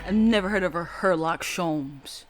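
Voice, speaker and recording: A woman's voice: fairly low pitch, normal speed, soft background music. A woman streamer giving casual, chatty gameplay commentary in a self-deprecating way. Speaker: streamer playing a game.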